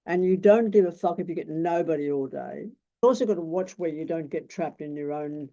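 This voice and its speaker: A man's voice: a little high, brisk, dark tone. A man, teaching tarot in a blunt, rambling way and swearing freely. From Australia. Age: 60s. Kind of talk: casual teaching talk. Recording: dull lo-fi recording.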